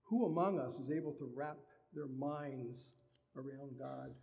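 A man's voice: medium pitch, measured pace, creaky, mellow, dull audio. A man preaching a sermon in a conversational way, acting out everyday dialogue. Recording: long hall reverb.

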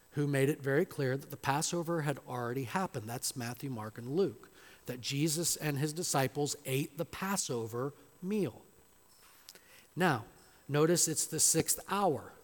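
A man preaching an expository sermon in a church, slow and emphatic, building to loud dramatic quotations. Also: on the high side. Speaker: pastor. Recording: long hall reverb.

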